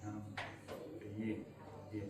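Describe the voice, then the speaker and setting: A young man with a New Zealand accent giving a halting, emotional farewell speech, his voice choking up between fillers. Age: young adult. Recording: echoey room, distant mic, loud noise.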